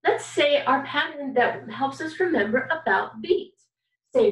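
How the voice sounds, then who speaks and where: Slow-spoken woman teaching kindergarten music. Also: high-pitched, lively intonation, fairly bright tone, reverberant, distant mic, rough recording. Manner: slow, patient and encouraging, asking questions and singing examples. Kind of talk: recorded online music lesson for young children.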